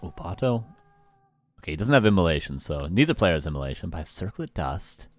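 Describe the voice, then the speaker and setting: This West Coast Canadian man casts a live strategy match, trading jokes with chat and laughing often between plays. His voice sits low and sounds very animated and brisk, and the recording is dry.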